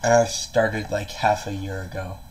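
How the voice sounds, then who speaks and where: A man's voice: fairly low pitch, flat delivery, measured pace. A man hosting a casual game role-play video, talking hesitantly with frequent stammers and restarts. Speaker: YouTuber and channel host.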